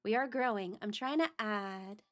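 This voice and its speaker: A woman's voice: mid-range voice, a little slow. A woman streamer chatting casually on a livestream, talking to herself as she searches for files. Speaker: VTuber streamer.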